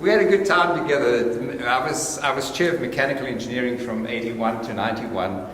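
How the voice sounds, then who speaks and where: A man's voice: mid-range voice, brisk, fairly bright tone. An older man with a South African accent giving an informal, digressive lecture as guest speaker, in a good-humoured, conversational way. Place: large lecture hall. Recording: echoey lecture hall, faint hiss.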